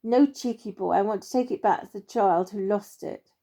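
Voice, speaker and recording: A stiff, upright bird major with a clipped, formal way of speaking, as a woman puts him on. His voice sits a touch above a plain speaking voice. The tone is mellow and soft-edged, like a storybook told at bedtime. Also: medium pitch, normal speed, creaky. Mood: stern. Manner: clipped, formal, stiff-upper-lip phrasing. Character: old-fashioned male bird, proper major.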